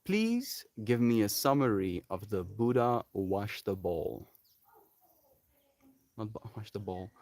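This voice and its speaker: A man's voice: lowish voice, animated, takes it slowly, pauses often, a little mellow, no echo. A young man on a casual solo live stream, rambling playfully and slipping into baby talk with his pets.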